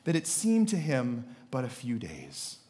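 A man voicing a swooning romantic lover in a slow, drawn-out, overly tender way. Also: medium pitch, huge pitch swings, warm tone, a little hiss or hum. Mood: syrupy.

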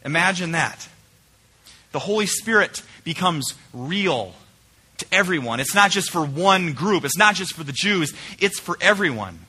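A male pastor preaching a conversational sermon in a church, swinging between emphatic points and quiet, searching questions. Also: a little high, animated, unhurried, breathy edge. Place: church sanctuary.

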